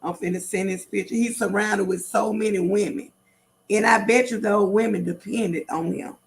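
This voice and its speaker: A middle-aged woman with a gravelly, creaky voice chats on a casual livestream. She talks straight to her viewers, repeating her points with emphasis. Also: mid-range voice, fairly even intonation, normal speed, a little hiss or hum. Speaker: livestream host.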